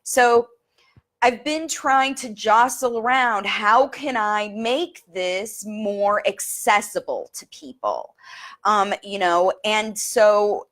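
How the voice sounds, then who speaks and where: A woman's voice: medium pitch, slow, fairly bright tone. Middle-aged woman rambling casually on a live video, lots of um and you know, sometimes a bit teary. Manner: chatty, many fillers and restarts; gets emotional, teary. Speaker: speech and language coach.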